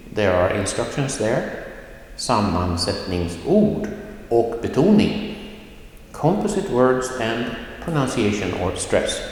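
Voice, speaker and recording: A man teaching a recorded language lesson, explaining slowly and carefully and drawing out his model words. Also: lowish voice, a little mellow, very echoey, big-room sound, a little hiss or hum, low-quality recording.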